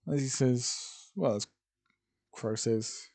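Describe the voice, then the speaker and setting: Slow, rambling young man telling a story. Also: medium pitch, animated, dark tone. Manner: rambling, self-correcting, hesitant. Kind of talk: improvised fan-fiction narration.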